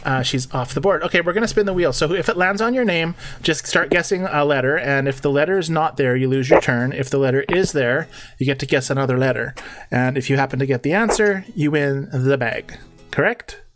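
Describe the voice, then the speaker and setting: A man's voice: fairly high pitch, fairly quick, noisy background. A man in his forties co-hosting a live stream in casual chat, joking and thinking aloud as he goes. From Canada.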